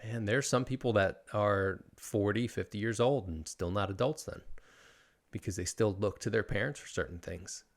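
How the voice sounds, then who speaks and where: A man in his thirties hosts a casual podcast chat with a low-pitched voice. He talks loosely and rambles, and he swears freely as he thinks out loud. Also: moderate pace. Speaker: podcast host. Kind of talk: casual conversational interview.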